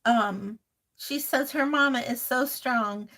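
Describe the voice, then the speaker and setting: A woman's voice: a little high, slow pace, pushed and bright. A woman hosting a crafting live stream, chatting casually and fondly calling viewers honey and sweetheart, laughing often. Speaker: crafting channel host. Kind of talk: live-stream chat, reading viewer comments.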